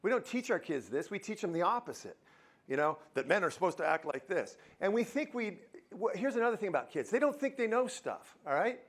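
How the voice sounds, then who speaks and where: Man, motivational speaker, high-pitched, jokey, quizzes the crowd, live auditorium talk. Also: big pitch swings, brisk. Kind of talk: live keynote talk to an audience. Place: university auditorium.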